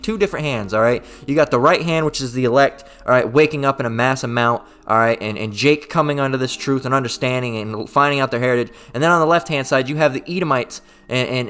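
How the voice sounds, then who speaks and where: Forceful male street preacher. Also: mid-range voice. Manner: forceful, with frequent repeated tags of "all right?"; stumbles and repeats words mid-sentence. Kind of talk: scripture reading and profane street-style preaching.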